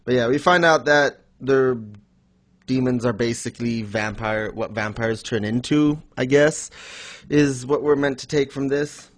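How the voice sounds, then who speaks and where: A man's voice: medium pitch, unhurried. A man co-hosting a podcast in casual chat, blunt and sarcastic, swearing freely. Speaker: podcast co-host reviewing manga.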